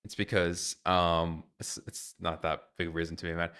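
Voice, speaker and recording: A man's voice: deep voice, monotone, moderate pace, hardly any pauses, a bit bright, clear, resonant tone. A young adult man streaming live, ranting in an exasperated way with lots of fillers and restarts.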